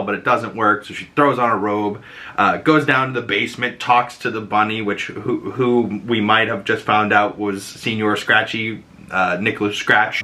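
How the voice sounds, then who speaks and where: Bright-voiced man recapping a show. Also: medium pitch. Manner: animated, quotes characters in put-on voices. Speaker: host recapping a TV episode. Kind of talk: casual episode recap.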